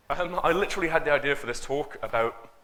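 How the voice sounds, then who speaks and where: Bright-voiced man giving a chatty talk. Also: a little high. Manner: chatty, joking, many fillers. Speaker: conference speaker. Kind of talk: off-the-cuff stage talk. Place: conference stage before an audience.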